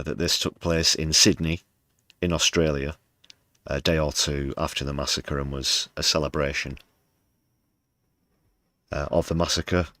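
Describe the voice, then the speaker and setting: A man's voice: rumbling low, a bit bright, no room sound. A man hosting a livestream, talking over news clips with heavy sarcasm and often addressing viewers as "people". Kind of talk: live commentary on news clips.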